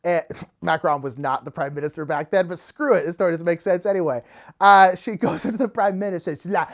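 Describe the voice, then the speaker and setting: A man telling a funny travel story in a casual, animated way, laughing often. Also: fairly quick. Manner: animated, laughing, big pitch swings. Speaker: storyteller, channel co-host.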